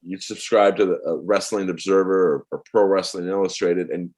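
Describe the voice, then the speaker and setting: A comedian in his forties, a man telling rambling, animated stories as a podcast guest. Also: sits low, moderate pace. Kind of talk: casual podcast chat.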